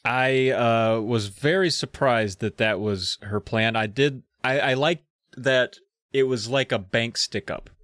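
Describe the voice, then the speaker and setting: A man's voice: slow pace, a bit bright, no echo, studio quality. A man casually reading a spooky kids' book aloud, breaking off for jokey, profane asides. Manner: reads aloud with jokey asides, swearing, puts on high voices for characters. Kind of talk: casual comedic reading and chat.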